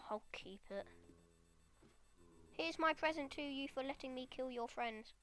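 A woman giving excitable let's play commentary, chattering at the monsters in her game. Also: high voice, measured pace, a little hiss or hum. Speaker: gamer.

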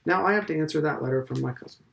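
A pompous, opinionated old schoolmaster lectures in a raised, emphatic voice, pitched well above the reader's own, as a man puts him on. He talks briskly and leans hard on his words. His tone carries a gravelly edge. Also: a bit bright, poor audio.

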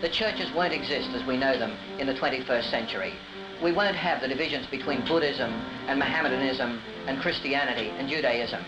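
A man speaks in a calm, measured documentary interview voice, pausing on small hesitations. His pitch sits in the middle. Music plays clearly beneath him. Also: rough recording. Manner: measured, thoughtful, with hesitant fillers. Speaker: interviewee, chapel associate.

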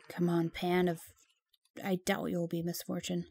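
A woman's voice: fairly low pitch, monotone, measured pace, gravelly, a little mellow, husky, dry recording. A woman giving casual gameplay commentary, chatty and easily flustered, jumping to exclamations and dropping into whispers when nervous.

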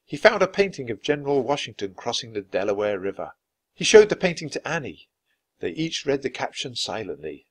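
A man reading a children's chapter book aloud clearly and expressively for language learners. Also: mid-range voice, big pitch swings, brisk, dry recording. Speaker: storybook reader.

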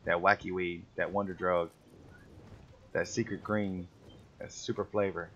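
A man's voice: sits low, steady tone, measured pace, fairly bright tone, slight background noise. A man chatting while gaming with friends, teasing them in slang and slipping into silly voices. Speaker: gamer streaming with friends. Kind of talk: casual chat over gameplay. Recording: muffled lo-fi audio with faint music.

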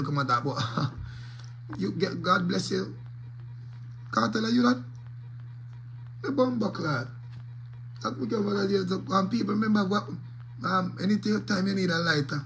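A man's voice: high-pitched, normal speed, long pauses, fairly bright tone, a little hiss or hum, low-quality recording. A man with a Jamaican accent, a DJ giving rambling commentary to his viewers in patois peppered with curses. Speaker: DJ and vlogger. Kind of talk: casual commentary to camera.

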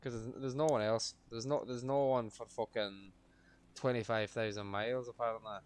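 A young man streaming a game, swearing constantly and breaking into shouted rants. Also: medium pitch, fairly even intonation, moderate pace, clean tone. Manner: foul-mouthed, ranting, erupts into shouting. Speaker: gaming streamer. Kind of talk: casual gameplay commentary.

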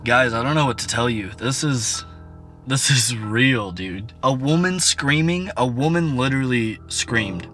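A man hosting a ghost-hunting vlog outdoors at a rural bridge. He is excitable and jumpy, swears often, and swings from hushed asides to sudden exclamations. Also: medium pitch, measured pace. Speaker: paranormal investigator, vlog host. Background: music under the voice.

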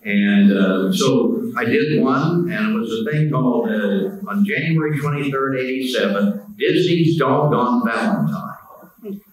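An easygoing older American man, a voice actor appearing as a panel guest, tells relaxed anecdotes in a convention panel room. He speaks a little slowly in an animated, mid-range voice, chatty and self-deprecating. The distant mic picks up the echoey convention hall.

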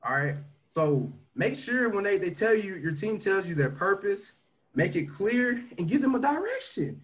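A man leading a motivational livestream talk on leadership, energetic and slangy, swinging between loud pushes and quieter asides. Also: high voice, moderate pace, low-quality recording. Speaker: team leader teaching leadership.

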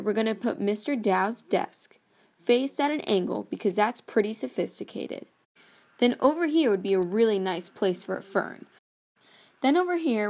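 A woman's voice: on the high side, a little mellow. Teen girl hosting a mock design show. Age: teens. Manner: upbeat, mock-earnest presenter patter. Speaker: parody home design show host. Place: school building indoors. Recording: distant mic with faint noise.

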